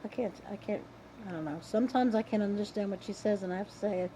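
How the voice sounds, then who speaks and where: A woman's voice: mid-range voice, fast talker, dark tone, slight background noise, poor audio. An older woman rambling casually to the camera in a chatty vlog, wandering between tangents. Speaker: vlogger.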